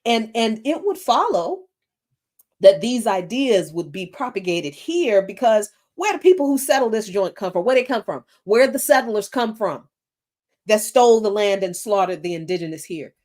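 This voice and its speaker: A woman's voice: medium pitch, sing-song, moderate pace, darkish tone. A woman hosting a political commentary stream, talking off the cuff, searching for words with many fillers and restarts, then making blunt, emphatic points. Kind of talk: unscripted livestream commentary.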